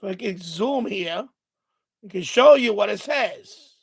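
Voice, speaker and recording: High, gravelly man ranting angrily. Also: animated, unhurried. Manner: angry, profane, repetitive ranting. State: mad. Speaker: ham radio livestream host. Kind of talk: unscripted livestream rant.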